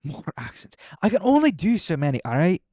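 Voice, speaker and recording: A man's voice: high-pitched, very animated, brisk, warm tone, dry recording, clean studio sound. A young man streaming a game, rambling casually and answering his chat as he signs off. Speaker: gaming streamer.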